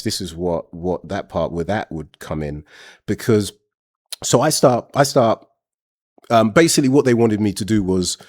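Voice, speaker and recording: A man with a fairly low-pitched voice tells a long personal story on his show. His delivery is blunt and unfiltered, and he rambles from one detail to the next in a casual, chatty way. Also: a little mellow. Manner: frank, blunt, rambling anecdotes.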